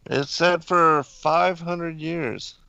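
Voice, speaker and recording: Gravelly, slow-talking male host, relaxed, dry close sound. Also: fairly high pitch, dry recording, muffled recording. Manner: relaxed, brief reactions. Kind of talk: casual conversation.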